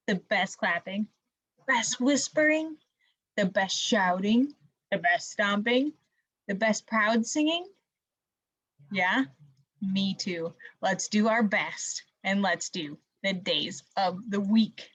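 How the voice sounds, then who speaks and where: A woman's voice: mid-range voice, expressive, takes it slowly, a bit bright, no echo. A woman teaching a preschool class online, speaking in a simple, upbeat and coaxing way to small children.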